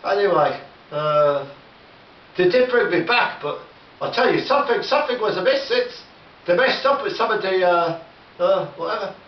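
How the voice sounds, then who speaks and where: A man's voice: high voice, animated, normal speed, slight background noise. A man doing a rambling, sweary improvised comic monologue at home, stammering through restarts. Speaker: comedy vlogger in character. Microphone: camera mic. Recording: roomy, distant, dull home recording.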